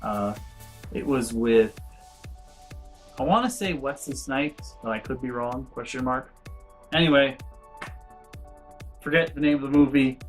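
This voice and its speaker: A man casually telling a convention story on his vlog, animated and rambling, with lots of asides. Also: mid-range voice. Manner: animated, acts out quoted voices, rambling asides. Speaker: convention vlogger.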